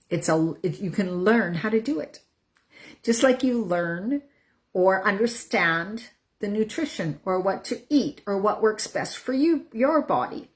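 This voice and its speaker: Earnest middle-aged woman coaching. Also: medium pitch. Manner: earnest, repetitive, self-coaching. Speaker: menopause coach. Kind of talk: casual direct-to-camera talk.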